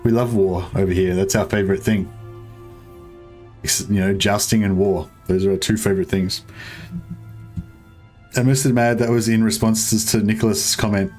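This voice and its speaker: Playing a strategy game on stream, a young man rambles, jokes and answers viewers in a loose, offhand manner, with mild swearing mixed in. His lowish voice has fairly even intonation at normal speed with frequent pauses, while soft game music plays faintly underneath.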